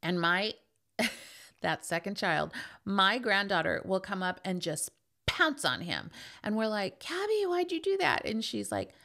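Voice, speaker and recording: A woman's voice: medium pitch, expressive, takes it slowly, pushed and bright. A middle-aged woman hosting a podcast in a casual monologue, speaking candidly and with emphasis. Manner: emphatic, candid, acts out quoted voices. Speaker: podcast host.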